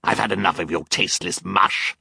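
A man doing a gravelly sneering villain. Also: deep voice, a little fast, bright, forceful tone, dry recording, clean studio sound, exaggerated voice. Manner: growling, sneering. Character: boastful scheming villainous adult man. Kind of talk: audiobook character voice.

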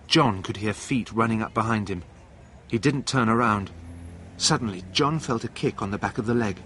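A man narrating a story in a calm, plain, measured reading voice. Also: fairly low pitch, husky.

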